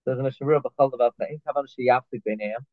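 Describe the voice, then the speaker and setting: Man as a Torah teacher, middle pitch, phone-like sound, dry. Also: rapid-fire, no room sound. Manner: reads Hebrew phrases then explains them in English, with restarts and fillers. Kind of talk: halacha class, translating Hebrew text line by line. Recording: tinny phone-like line, dry.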